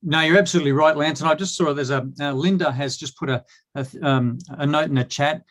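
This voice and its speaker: An Australian man talking as a guest in a casual chat, halting, with many restarts and fillers. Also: on the high side, steady tone, a bit bright.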